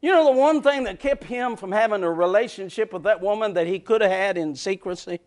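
High-voiced, fiery male preacher. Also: a little fast. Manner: impassioned, builds to shouting, repeats phrases for emphasis. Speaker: pastor. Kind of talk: sermon.

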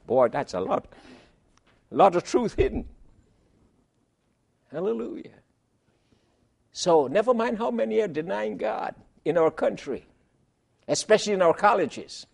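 Guy preaching a sermon, high voice that jumps all over, loud then quiet, lots of rhetorical questions. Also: animated, unhurried, vocal fry, long pauses. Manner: emphatic, rhetorical questions, big swings in loudness.

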